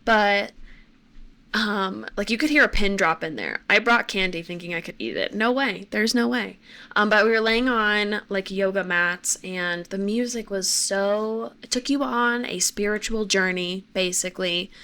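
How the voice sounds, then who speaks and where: A woman's voice: mid-range voice, pushed and bright. A young adult woman co-hosting a podcast in casual chat, chatty and full of likes and ums. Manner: chatty, filler-heavy, quick to laugh. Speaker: podcast co-host.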